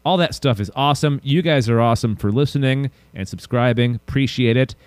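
A man's voice: mid-range voice, brisk, a little mellow, dry recording. A man hosting a podcast, rambling and joking around while reading announcements and listener mail. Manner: goofy, rambling, self-mocking. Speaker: podcast host. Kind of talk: casual podcast chat.

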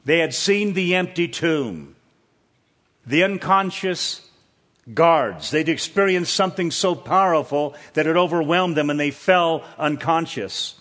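A man's voice: fairly high pitch, a bit bright. A man preaching a sermon in a church, earnest and repeating words for emphasis. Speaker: pastor. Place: church with screens.

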